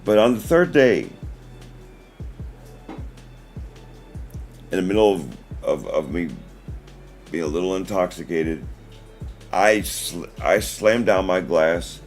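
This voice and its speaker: A man's voice: deep voice, expressive, takes it slowly, long pauses, faint music behind. A man, hosting a casual livestream and telling a story with many restarts. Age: 40s. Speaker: livestream host.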